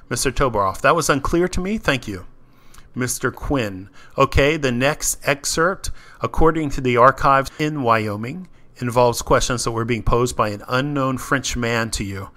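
A man narrating a video essay, reading deposition testimony aloud and speaking every part himself. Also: a bit bright. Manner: reads every part himself, mostly plain, with small lifts in pitch for quoted lines. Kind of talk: reading a legal transcript aloud.

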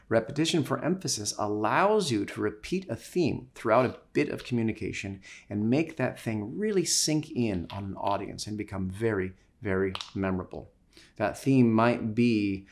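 Gravelly-voiced guy teaching public speaking, punches key words, middle-aged. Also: on the low side. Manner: emphatic, shifting stress and loudness. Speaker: communication trainer. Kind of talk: instructional talk.

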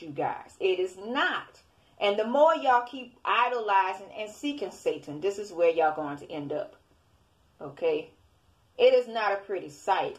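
A woman preaching to an online audience in a loose, informal way. She scolds her listeners and piles up repetitions, checking in with a constant "okay?". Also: mid-range voice. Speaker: self-made online preacher.

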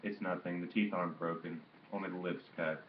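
A man reading the part of a patient old grandmother who speaks softly and calmly, in a dull, roomy recording. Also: low-pitched, moderate pace, noisy background, natural voice. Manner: soft and calm, gently scolding.

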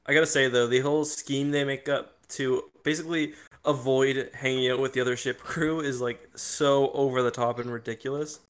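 A man's voice: mid-range voice, steady tone, normal speed, few pauses, smooth. A young man hosting a casual podcast chat, joking loosely and laughing often. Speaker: podcast host.

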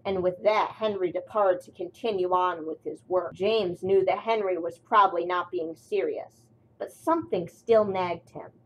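A woman narrating a children's train story in a deliberate reading voice. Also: lowish voice, muffled recording.

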